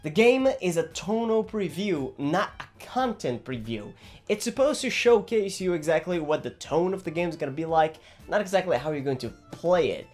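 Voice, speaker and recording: A young man from Brazil, chatting casually about a video game in an animated, rambling, jokey way. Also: a little high, moderate pace, faint music behind. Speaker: gaming vlogger.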